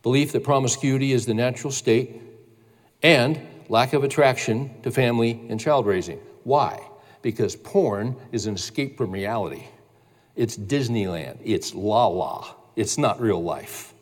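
A man's voice: mid-range voice, a little slow. Earnest male preacher in a reverberant hall. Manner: earnest, emphatic preaching that builds in intensity. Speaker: pastor. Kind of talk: sermon.

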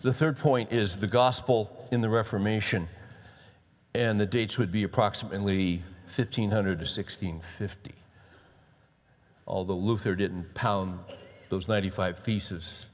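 A male pastor preaching a sermon in a conversational way, building to animated emphasis. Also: lowish voice, measured pace. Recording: long reverb of a large hall.

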